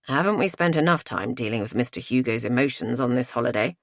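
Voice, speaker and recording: A woman's voice: extremely low pitch, animated, fast talker, no room sound, voice pushed down. A woman doing a dry, grumbling man. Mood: sardonic. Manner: sardonic, dry.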